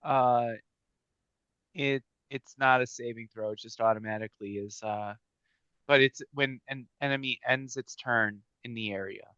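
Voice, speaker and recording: A man running a tabletop game as game master, giving rulings in a measured, matter-of-fact way. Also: medium pitch, steady tone, bright, forceful tone, clear, resonant tone, dry recording. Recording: dry, slightly dull audio.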